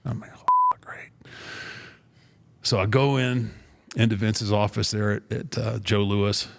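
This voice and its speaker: An older former wrestler retells a story on a podcast in a lowish, creaky voice at a moderate pace. His telling is animated and casual, with quotes acted out and many restarts.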